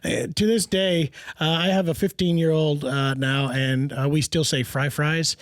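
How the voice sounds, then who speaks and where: A man's voice: a little high, steady tone, unhurried, no room sound, studio quality. A man in his forties co-hosting a casual podcast, rambling and hesitant with frequent fillers. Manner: rambling, hesitant with many uh's. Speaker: podcast co-host.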